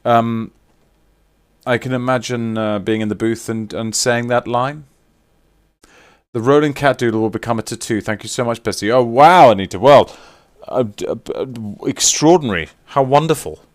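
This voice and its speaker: A man's voice: mid-range voice, normal speed, no room sound, clean studio sound. A man chatting casually with viewers on a live stream while signing autographs, teasing and reading out names.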